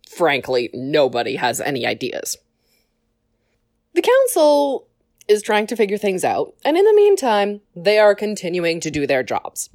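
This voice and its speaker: Brief: woman storyteller, wry asides, lively melody, dry close sound. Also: medium pitch, dry recording. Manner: wry, animated, quick asides. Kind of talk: casual story retelling.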